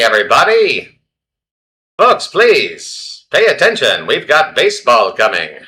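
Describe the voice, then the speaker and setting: A man putting on the voice of a 1940s wartime newsreel announcer, with hammy, booming salesman patter. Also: bright, forceful tone, full character voice.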